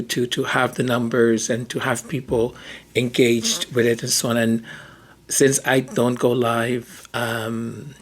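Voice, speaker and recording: A man's voice: mid-range voice, a bit bright. A man hosting a podcast in a casual, rambling, hesitant monologue. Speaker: podcast host.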